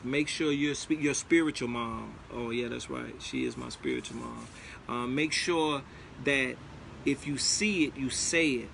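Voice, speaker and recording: A man's voice: medium pitch, wildly swooping pitch, a little slow, vocal fry, a bit bright, a little hiss or hum. A man giving a casual motivational talk, preachy and emphatic, repeating his key lines. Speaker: motivational speaker.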